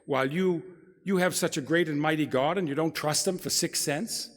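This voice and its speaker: A man voicing a humble rabbi disguised as a peasant, gently reproaching a sick widow. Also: on the high side, moderate pace, voice pushed up, natural voice. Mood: reproachful. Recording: long reverb of a large hall.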